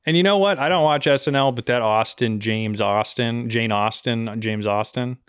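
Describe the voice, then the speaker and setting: Blunt podcast guy, smooth and dry. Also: medium pitch, normal speed, a bit bright, dry recording. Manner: blunt, dismissive opinions. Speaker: podcast co-host. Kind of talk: casual chat.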